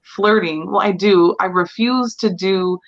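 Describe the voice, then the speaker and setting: A woman co-hosts a casual podcast, talking candidly and laughing between thoughts. Her voice is mid-pitched, and her recording has a dull, lo-fi quality. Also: measured pace. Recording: dull lo-fi sound.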